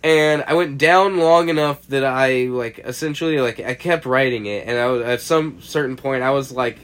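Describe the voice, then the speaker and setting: A man's voice: medium pitch, normal speed, fairly bright tone, a little hiss or hum. A young man casually chatting on a podcast, telling a rambling story, laughing and swearing as he goes. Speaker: podcast co-host.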